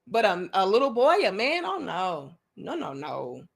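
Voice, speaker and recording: Blunt, emphatic and freely profane, this commentary channel host is a woman in her thirties sharing personal stories with her stream chat. Her medium-pitched voice is creaky and unhurried, with pitch that swoops wildly.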